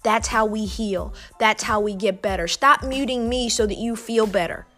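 A woman's voice: on the high side, moderate pace, pushed and bright, soft background music. A woman as a political commentator, giving an impassioned monologue in a fervent, preacher-like cadence full of repetition.

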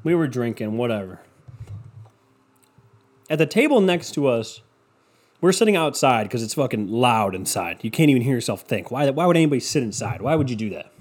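A man in his twenties hosts a podcast, ranting his way through a comic story with heavy swearing, sarcasm and animated impressions of quoted lines. His voice is medium-pitched, a little fast, and he pauses often.

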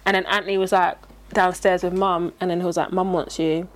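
A woman in casual chat, talking quickly and chiming in with agreement. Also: fairly low pitch, level tone. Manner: fast, chatty, agreeing with frequent interjections.

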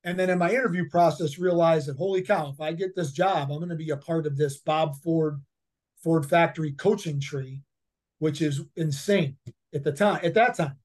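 A man's voice: fairly high pitch, moderate pace, darkish tone. A man in his fifties, a head football coach, telling stories in a casual interview, rambling with many fillers and repeated words. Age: 50s.

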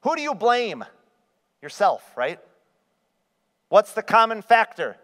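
A man's voice: high voice, very animated, slow, long pauses, a bit bright. Preaching man in a reverberant hall. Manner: rhetorical questions to the congregation. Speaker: pastor. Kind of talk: sermon.

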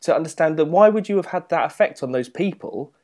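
A man's voice: on the high side, animated, quick pace, a little mellow. A man co-hosting a podcast in casual chat, teasing and dry, often laughing. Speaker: podcast co-host.

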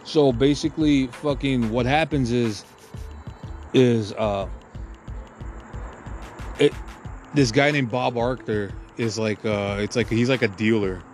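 A man's voice: medium pitch, slow pace, pauses often, a little mellow, soft background music. A man hosting a podcast, ranting crudely and heatedly in a rambling monologue full of filler and profanity. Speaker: podcast host.

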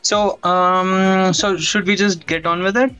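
A podcast host chatting casually with a guest, excitable and quick to laugh. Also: mid-range voice, smooth, soft background music. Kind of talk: casual chat.

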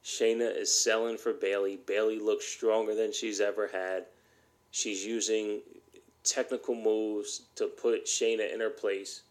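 A man's voice: fairly low pitch, gravelly. A man hosting a solo podcast, ranting bluntly and heatedly, swearing often. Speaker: podcast host.

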